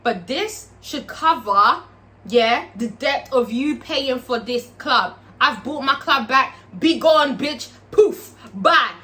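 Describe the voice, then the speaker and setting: A woman's voice: sits high, expressive, takes it slowly, sharp tone, full character voice. A woman voicing a sassy club owner, hurling cursing put-downs at a rival. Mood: scornful.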